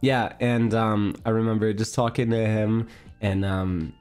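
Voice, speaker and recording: A man's voice: lowish voice, little pitch movement, a little slow, a little mellow, clear, resonant tone, soft background music. A man streamer telling a story in a casual chat stream. He rambles, fills his talk with fillers, and giggles often.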